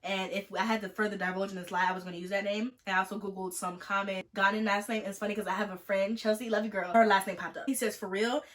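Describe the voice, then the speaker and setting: A twenties-aged vlogger rattles off a storytime at a quick pace in a mid-range voice. She's animated and jokey, performing both sides of a texting back-and-forth.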